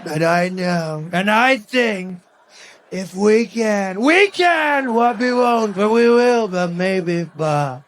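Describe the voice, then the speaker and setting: Stand-up bit: man impersonating a blustering president, drawn-out words, volume swinging from loud to low. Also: expressive, slight background noise, exaggerated voice. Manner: volume and inflection jumping all over the place, very drawn out. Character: impression of an erratic, blustering American president.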